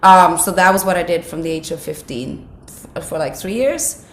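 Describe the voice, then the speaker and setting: A woman with a low, raspy, husky voice that sounds a little broken. English is not her first language, and she talks reflectively, with plenty of "like" fillers and restarts. The sound is roomy, with a faint hum of background ambience. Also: animated, normal speed. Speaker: actress, interview guest. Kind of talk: casual interview talk.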